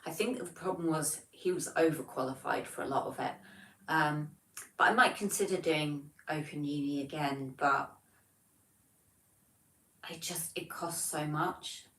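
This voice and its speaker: At a measured pace, a livestream host in her forties, English with a Devon accent, reads viewer comments aloud in a friendly, self-mocking style. Her voice is low with a fairly bright tone, picked up from afar in an echoey room, and the recording is rough.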